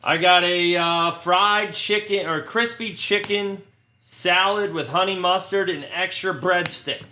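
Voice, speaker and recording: A man's voice: high-pitched, a little slow, bright, forceful tone, echoey room, a little hiss or hum. A man hosting a live card break in casual chat, crude and joking as he rattles off player names.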